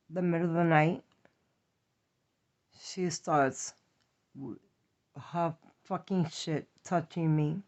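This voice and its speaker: A woman from New York with a New York accent, telling a personal story in a blunt, profane, emphatic way. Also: deep voice. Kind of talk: confessional story time. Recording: dull lo-fi audio.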